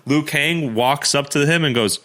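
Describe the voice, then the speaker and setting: A man's voice: fairly high pitch, normal speed, noisy background. A young adult man co-hosting a podcast, telling stories in loose, slangy casual chat and laughing often. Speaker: podcast co-host.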